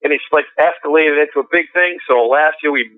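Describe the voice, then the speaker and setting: A man's voice: a little high, a little fast, no echo. Rambling man on a phone line. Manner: rambling, many fillers and restarts. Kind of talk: casual storytelling.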